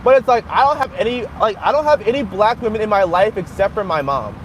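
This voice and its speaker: A man chats on a live stream from inside his car. His voice sits high and swings freely up and down as he rambles and laughs, with a faint hum of road noise underneath. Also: lively intonation, fast talker. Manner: rambling, chatty, laughs often. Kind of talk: casual live stream chat. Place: in a car while driving.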